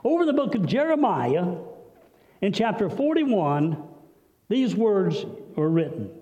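High mellow-voiced guy preaching, storytelling, long church echo, muffled lo-fi recording. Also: very animated, measured pace. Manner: dramatic storytelling, swinging from loud highs to hushed lows. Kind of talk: sermon. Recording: dull, lo-fi recording with long hall reverb.

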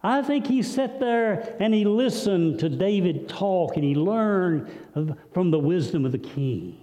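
A male preacher delivering a sermon, telling a story with dramatic swings between loud, high passages and hushed, low ones. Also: animated, a little slow. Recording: dull, lo-fi recording with long hall reverb.

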